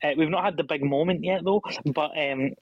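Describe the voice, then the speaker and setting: A man's voice: a little fast, dry recording, lo-fi sound. A man guesting on a podcast, chatting casually, giggling and acting out quotes. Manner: giggly, acts out quotes in a high voice. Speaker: guest co-host.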